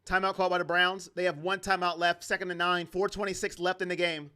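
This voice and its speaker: A man's voice: sits high, little pitch movement, quick pace, sharp tone, clear, resonant tone. A man giving casual play-by-play and reactions to a football game as a fan commentator, sarcastic and exasperated.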